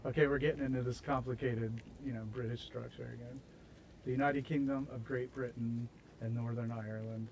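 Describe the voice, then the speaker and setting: An American streamer host chats casually while building in a game, rambling and laughing at his own self-deprecating jokes. His mid-range voice is steady, a little fast, and a little mellow, on a rough recording with slight background noise.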